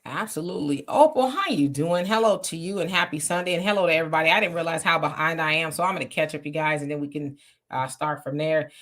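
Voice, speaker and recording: A woman hosting a casual livestream, greeting viewers by name and reading their comments aloud with quick agreement. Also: deep voice, fairly bright tone.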